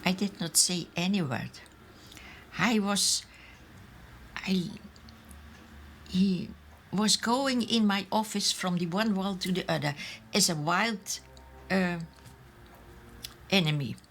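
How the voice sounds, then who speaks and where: Slow, halting older woman. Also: mid-range voice, a bit bright, slight background noise. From Austria. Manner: halting, searching for English words. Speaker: eyewitness interviewee. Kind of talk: documentary interview recollection.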